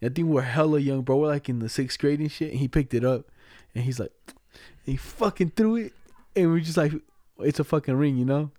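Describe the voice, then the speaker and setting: A man's voice: fairly high pitch, a little fast, mellow, no room sound. A young man rambling through school memories in casual, slangy chat. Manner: slangy, rambling, laughs often.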